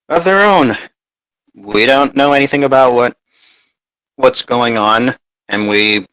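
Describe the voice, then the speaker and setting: Careful guy at the game table, trips on words, smooth voice, dry sound. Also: medium pitch, pushed and bright, dry recording, poor audio. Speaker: player.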